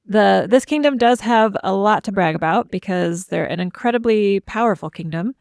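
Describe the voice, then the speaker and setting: A woman's voice: mid-range voice, expressive, moderate pace, creaky, a little mellow, dry recording, studio quality. A woman co-hosting a podcast, presenting fantasy world lore in a playful, chatty way, running through facts with light humor. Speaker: podcast co-host.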